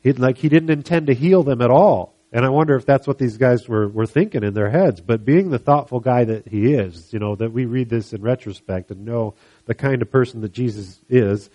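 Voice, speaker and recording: A man delivering a sermon in a storytelling manner. His voice sits at an ordinary middle pitch, and he slips into the voices of the characters as he retells the passage for his listeners. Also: fairly quick. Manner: animated storytelling, acting out voices of the people he describes. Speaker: pastor.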